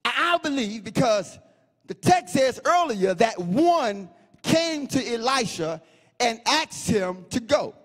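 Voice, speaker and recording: A pastor preaching a sermon, swinging between sing-song chanting and shouts and repeating phrases for emphasis. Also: male voice, extremely high pitch, big-room sound.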